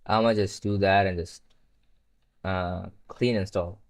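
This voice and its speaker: A man's voice: sits low, fairly even intonation, unhurried. A young man who is not a native English speaker, chatting casually on a live stream while coding, rambling and swearing when frustrated. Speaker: livestreamer.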